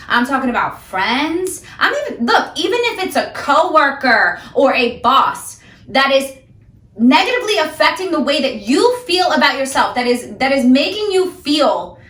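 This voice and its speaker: A woman delivers an emphatic, ranting motivational talk directly to her viewers. Her voice is fairly high and bright with a forceful edge. She sounds like she is recording in an echoey room, set back a little from the microphone. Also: recorded from a distance. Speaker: sobriety vlogger. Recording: echoey room, voice a bit off-mic.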